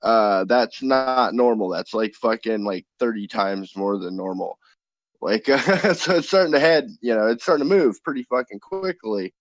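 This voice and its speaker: A man's voice: on the low side, animated, moderate pace, no echo. A man talking casually as a podcast guest, rambling with frequent swearing and fillers.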